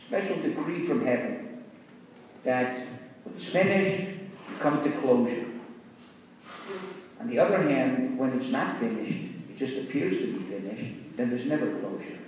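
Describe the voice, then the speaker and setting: A man's voice: medium pitch, expressive, a little slow, long pauses, darkish tone, slight background noise. A man, a rabbi, teaching students in an earnest, explanatory way, mixing Hebrew terms into his talk. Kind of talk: Torah lecture with storytelling. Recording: echoey hall, voice from far off.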